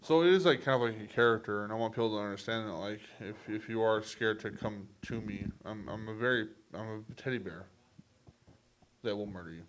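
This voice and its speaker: A man's voice: lowish voice, a little fast, a bit bright. Profane joking Texan man. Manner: rambling, profane, jokey. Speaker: podcast host. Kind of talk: casual chat.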